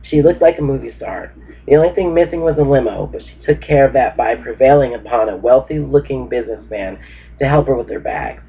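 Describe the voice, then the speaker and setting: A man's voice: mid-range voice, a little fast, creaky. A laid-back man reads a novel aloud in a loose, casual way. He sounds sleepy, as if he has just woken up. The recording is thin and tinny, like a phone line. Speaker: book reader. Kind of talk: casual book reading.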